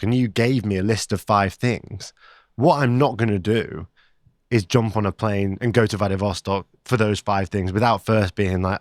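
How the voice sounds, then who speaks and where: A man co-hosting a travel podcast, telling stories in a relaxed, chatty way. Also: on the low side, moderate pace, no echo, clean studio sound. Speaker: podcast co-host. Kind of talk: casual chat.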